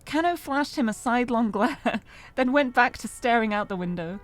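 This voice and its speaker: Animated woman streamer reading a game. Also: fairly high pitch, moderate pace. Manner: narrates expressively, breaks off to laugh and comment.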